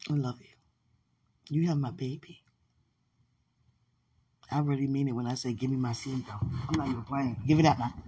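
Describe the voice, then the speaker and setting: A woman's voice: low voice, slightly rough. A woman in an intimate, casual call with her partner, affectionate and laughing often as she talks about faith.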